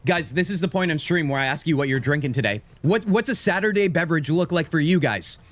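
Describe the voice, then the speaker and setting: A man's voice: fairly high pitch, lively intonation, quick pace, a bit bright, slight background noise. A man streaming a game live, chatting playfully with his viewers as he plays. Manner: playful, chatty, talks straight to his chat. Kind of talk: live-stream gameplay commentary.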